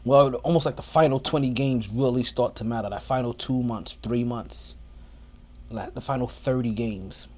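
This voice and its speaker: A man's voice: mid-range voice, normal speed, darkish tone. A man hosting a podcast, chatting casually about sports in a profane, rambling way with many restarts. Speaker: podcast host.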